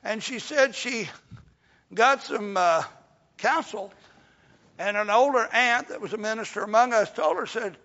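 An older man preaching a sermon in a folksy way, swelling to shouts and dropping to a hush. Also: high-pitched, a little slow, pauses often. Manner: folksy, rising to shouts then dropping soft. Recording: dull lo-fi recording in a reverberant hall.

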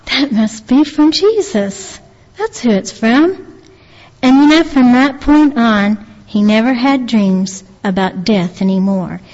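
Woman telling a faith story, kinda high voice, lots of restarts, dull lo-fi sound. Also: a little mellow. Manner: earnest, halting, with frequent restarts. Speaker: lay preacher retelling a testimony. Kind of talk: devotional storytelling. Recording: long reverb, dull lo-fi sound.

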